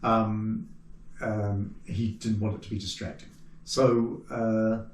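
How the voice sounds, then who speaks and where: A man with a New Zealand accent, a puppet maker chatting as the guest in an interview, telling stories lively and acting out what people said. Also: fairly low pitch, slow, slight background noise. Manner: animated storyteller who acts out quoted remarks. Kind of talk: casual interview chat. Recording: roomy sound from a distant mic.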